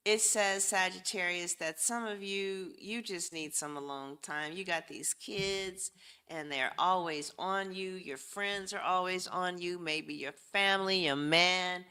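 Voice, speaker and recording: A woman's voice: fairly low pitch, clear, resonant tone. A woman giving a casual tarot reading, talking bluntly and profanely as she speaks straight to her viewers. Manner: addresses viewers directly and warmly. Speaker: tarot reader.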